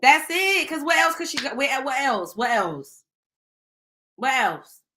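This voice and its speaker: Woman, show host, casual gossip commentary, blunt and profane, bright tone, higher pitch. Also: sing-song, a little slow, a little hiss or hum. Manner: blunt, profane, talks straight to listeners.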